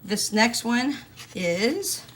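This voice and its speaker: A woman's voice: a little high, lively intonation, drawn-out words, a bit bright. A woman, chatting casually and folksily to her viewers while stuffing cash envelopes. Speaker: budgeting vlogger. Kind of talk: casual chat to camera.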